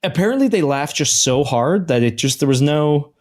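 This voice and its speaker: A man co-hosting a comedy podcast tells anecdotes in casual conversation, animatedly acting out the voices of the people involved. His voice is a little high and his speed is normal.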